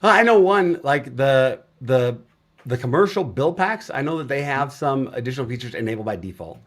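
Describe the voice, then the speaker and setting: Relaxed middle-aged man telling stories. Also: medium pitch, normal speed. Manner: relaxed storytelling with frequent "uh" fillers. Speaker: guest software developer. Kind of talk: casual conversation on a video show.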